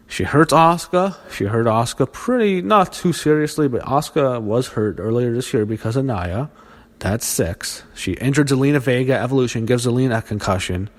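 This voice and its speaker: A man reviewing a wrestling show in a profane, angry rant with frequent restarts and trailing mutters. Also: medium pitch.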